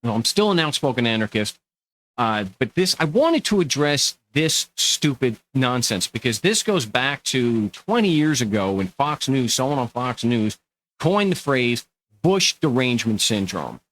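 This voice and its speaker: Man, Long Island accent, middle-aged, sarcastic, rambling, lively pitch swings. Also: a little slow, poor audio. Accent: Long Island New York. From Long Island, New York. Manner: animated, sarcastic, rambling with restarts. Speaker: podcast host. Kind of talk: casual monologue to camera.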